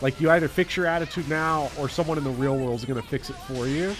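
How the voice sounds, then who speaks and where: A somewhat high-voiced man rants to his viewers mid-game, blunt and swearing freely. He talks in an animated, unfiltered way, with soft music under him. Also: quick pace. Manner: blunt, heavily profane, animated. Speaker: teacher streaming a game. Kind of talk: casual ranting to chat while gaming.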